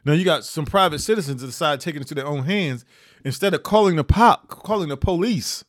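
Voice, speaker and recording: A man hosting a podcast, giving opinionated year-end commentary with emphatic delivery and sudden high rises on stressed points. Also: brisk, dry recording, clean studio sound. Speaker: podcast host.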